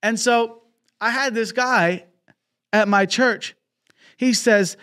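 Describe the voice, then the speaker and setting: High-voiced fervent male preacher. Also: takes it slowly, long pauses, a bit bright. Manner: fervent, peppered with exclamations of praise; storytelling with quoted dialogue. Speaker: traveling preacher. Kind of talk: preaching and donation appeal. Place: broadcast.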